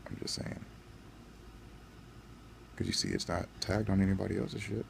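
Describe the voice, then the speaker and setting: A man's voice: deep voice, little pitch movement, normal speed, gravelly, pauses often, background noise. A man hosting his own channel, delivering a profane, angry, blunt vlog rant. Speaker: channel host.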